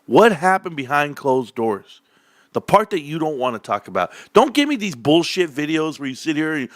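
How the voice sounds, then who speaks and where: A man rants in sarcastic, profane commentary about stocks. His voice is fairly high and bright with a forceful edge. The sound is close and dry, with no room in it. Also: big pitch swings, moderate pace, no echo. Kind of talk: casual ranting commentary.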